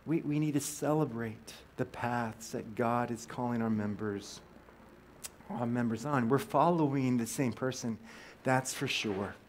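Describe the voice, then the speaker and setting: A man's voice: mid-range voice, a little slow, slight background noise. Conversational male pastor preaching. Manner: conversational, asks the congregation questions, frequent restarts. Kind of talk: sermon. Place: church sanctuary.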